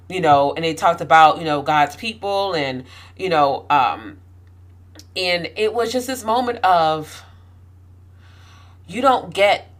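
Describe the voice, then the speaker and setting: A woman's voice: on the low side, unhurried, a bit bright. Passionate, outspoken woman talking to camera. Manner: passionate, rising to heated emphasis; outspoken, frequent fillers and restarts. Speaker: vlogger. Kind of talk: candid personal talk to camera.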